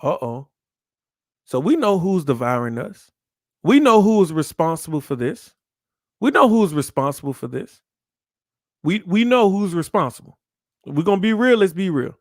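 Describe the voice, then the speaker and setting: A man preaching from scripture in a high voice that swings widely up and down. He hammers his points with repeated rhetorical questions and sounds dry and close to the mic. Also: big pitch swings, moderate pace, pauses often, a little mellow, dry recording. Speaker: podcast host.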